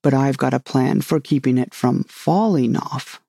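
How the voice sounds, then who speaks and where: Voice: mid-range voice, unhurried, gravelly, warm tone, husky, no echo, clean studio sound. A storybook reader voicing a grave, muddled old knight who rambles proudly about his own inventions. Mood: earnest. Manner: grave, rambling, self-satisfied.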